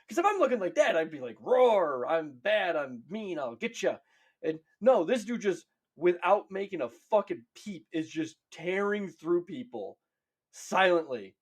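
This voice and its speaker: A man co-hosting a casual podcast, excitable and profane, stretching words for emphasis. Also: sits high. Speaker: podcast co-host. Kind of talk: casual chat.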